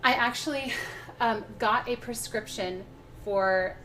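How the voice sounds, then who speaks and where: A woman's voice: a little high, slow pace, pushed and bright, a little hiss or hum. Chatty woman streamer with rambling talk. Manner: rambling, chatty, many fillers and restarts. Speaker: livestream cooking host. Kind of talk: casual chat while cooking. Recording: faint background music.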